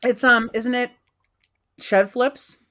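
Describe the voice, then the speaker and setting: A woman's voice: fairly high pitch, steady tone, slow, fairly bright tone. A woman co-hosting a live stream, chatting casually, laughing often and poking fun at herself. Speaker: co-host of a live selling stream. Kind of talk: casual chat.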